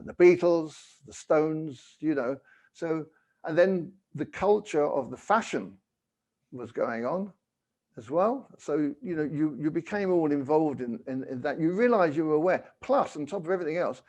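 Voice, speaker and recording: A man's voice: on the high side, gravelly, darkish tone. A man in his seventies, a guest telling stories in a rambling, anecdotal way over a video call. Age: 70s. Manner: rambling, anecdotal, full of "you know". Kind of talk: casual storytelling.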